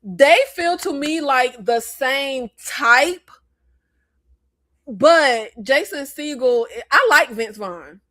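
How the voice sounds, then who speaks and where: An American woman hosting a casual movie review chat, blunt and animated, with rambling asides. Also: sits high, drawn-out words. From United States. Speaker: host.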